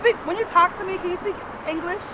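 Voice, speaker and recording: A woman's voice: very high-pitched, fairly even intonation, fast. A woman playing a spoiled, exasperated young woman. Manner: whiny, exasperated, swears often. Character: spoiled young woman raised in New York, impatient. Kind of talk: street comedy sketch. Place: busy urban street outdoors. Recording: outdoor street recording with loud traffic noise.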